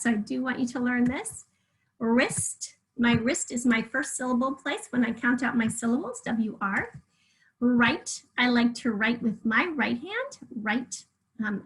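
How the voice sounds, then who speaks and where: A woman teaching a remote spelling lesson to third graders, talking patiently and clearly with example sentences. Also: on the high side, poor audio. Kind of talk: remote spelling lesson over shared slides.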